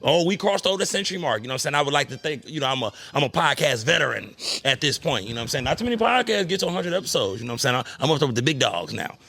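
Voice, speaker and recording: A man's voice: medium pitch, very animated, rapid-fire, creaky, few pauses, pushed and bright, no room sound. A man hosting a podcast in loose, casual chat, swearing and asking "you know what I'm saying" again and again. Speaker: podcast host. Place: cigar lounge.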